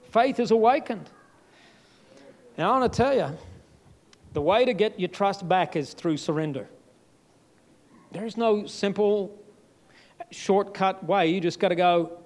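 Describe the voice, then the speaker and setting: A man preaching a sermon with emphatic, dramatic delivery, voice leaping up and dropping low. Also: expressive, moderate pace, pauses often. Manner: emphatic, with sudden jumps and drops in pitch and loudness.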